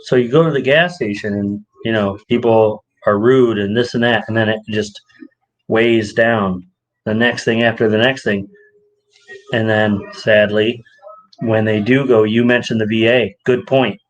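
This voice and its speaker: A young adult man co-hosting a podcast in casual chat, an animated storyteller who acts out quoted exchanges. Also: lowish voice, unhurried. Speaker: podcast co-host.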